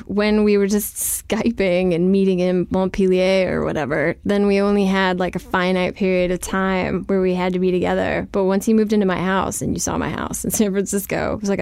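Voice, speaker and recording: A woman's voice: mid-range voice, gravelly, a little mellow, dry recording, studio quality. A woman author speaking as an interview guest, chatty and candid, scattering "like" through her sentences with a wry, self-deprecating humor.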